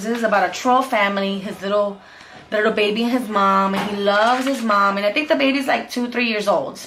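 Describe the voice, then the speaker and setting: Upbeat chatty mom vlogger. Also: female voice, on the high side, fairly bright tone, slight background noise. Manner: chatty and upbeat, repeats "super cute". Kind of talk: casual book review vlog.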